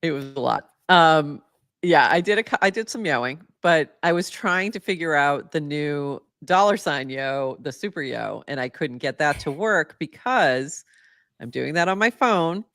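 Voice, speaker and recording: A woman co-hosting a casual podcast chat, playful and quick to laugh. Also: low-pitched, animated, a bit bright, dry recording, clean studio sound. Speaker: podcast co-host.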